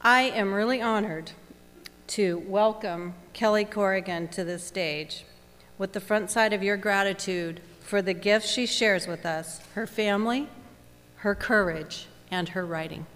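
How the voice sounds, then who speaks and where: A woman hosting an event, introducing a guest in a halting, hesitant way. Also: mid-range voice, fairly bright tone, in a large hall.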